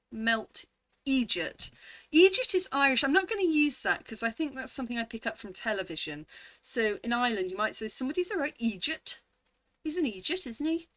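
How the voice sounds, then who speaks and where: A woman in her forties talks slowly and thinks aloud, reading out options and weighing each one. Her voice sits a little high and sounds bright and clear. The sound is dry and close, with no room around it. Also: no echo. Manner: reads quiz options aloud, muses over each word. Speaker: vlogger.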